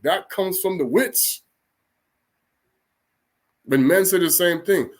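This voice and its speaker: Guy preaching off the cuff, kinda high voice, rambles, keeps restarting and saying okay. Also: a little slow, pauses often. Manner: rambling, colloquial, frequent restarts and "okay?" checks. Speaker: religious teacher. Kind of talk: informal spoken sermon.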